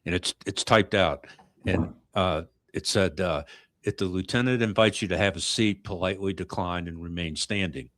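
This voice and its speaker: A middle-aged man hosting a podcast, talking in a reflective, halting way with many restarts. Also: low voice, a bit bright, no echo. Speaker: podcast host. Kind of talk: casual chat.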